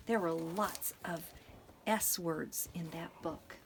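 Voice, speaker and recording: A middle-aged woman teaching young children, animated and sing-song, sometimes dropping to soft whispers. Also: fairly low pitch, slow pace, husky. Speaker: preschool teacher. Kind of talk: children's lesson and storybook read-aloud.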